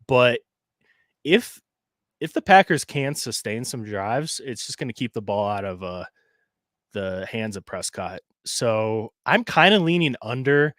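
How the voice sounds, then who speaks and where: A man's voice: mid-range voice, unhurried, no room sound, studio quality. Easygoing man talking sports bets. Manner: relaxed, hesitant, thinks aloud with restarts. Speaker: sports betting podcast co-host. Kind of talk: casual chat.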